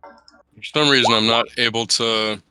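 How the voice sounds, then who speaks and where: Man, game player, bright tone, thinking aloud, dry close sound. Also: mid-range voice, fairly even intonation, measured pace, clear, resonant tone, dry recording. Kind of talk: casual game chat.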